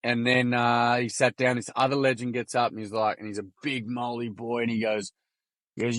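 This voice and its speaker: Animated Australian man telling stories. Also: mid-range voice, brisk, no room sound. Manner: animated, slangy, acts out quotes. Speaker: podcast guest, workshop founder. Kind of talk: casual storytelling interview.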